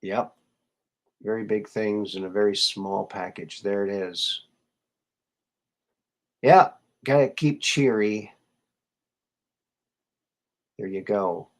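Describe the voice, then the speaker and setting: A man's voice: on the low side, slow, long pauses. A man hosting a casual live show, musing and rambling with many fillers and restarts as he greets viewers. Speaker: show host.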